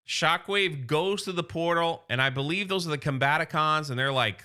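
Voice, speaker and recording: A man casually recapping a comic series as a video host, chatty and quick to paraphrase the characters. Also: on the high side, animated, pushed and bright. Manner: chatty, narrates plot with "he's like" quotes. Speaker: comic book reviewer.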